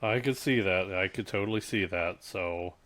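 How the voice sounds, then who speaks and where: Low-voiced man in casual chat. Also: fairly bright tone. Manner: halting, many restarts, speaks from work experience. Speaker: podcast co-host.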